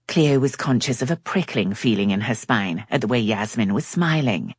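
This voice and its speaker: Romance audiobook reader: woman, low pitch, dry close sound. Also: animated, normal speed, few pauses, slightly rough, dry recording. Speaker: audiobook narrator. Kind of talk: scripted narration.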